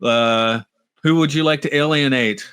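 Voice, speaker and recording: A middle-aged podcast co-host with a mid-range, slightly bright, clean voice rambles a little slowly in casual chat, poking fun at himself and often restarting his sentences. The studio sound is clean, with no room sound.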